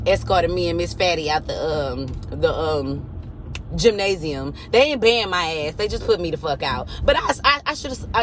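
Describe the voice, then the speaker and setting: A woman's voice: mid-range voice, fairly bright tone. A woman, telling a blunt, profane story in a parked car. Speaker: vlogger. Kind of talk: casual storytelling rant. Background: faint car noise.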